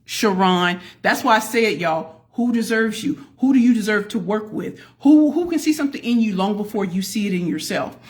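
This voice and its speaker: A woman hosting a casual live stream as a pitch coach, greeting viewers by name and calling out to the audience as y'all. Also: animated, normal speed, hardly any pauses. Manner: folksy, addresses the audience as y'all.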